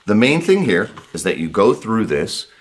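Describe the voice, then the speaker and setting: A man teaching a blues guitar lesson, speaking in a relaxed, reassuring way, repeating points for emphasis and counting beats out loud while he plays. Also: lowish voice, normal speed. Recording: guitar playing behind the voice.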